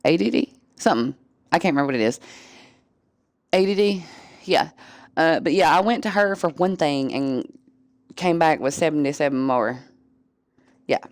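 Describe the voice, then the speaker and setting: A woman's voice: low voice, animated, normal speed, long pauses, dry recording, clean studio sound. A woman streamer chatting casually with her viewers, candid and profane, often laughing. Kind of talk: casual chat.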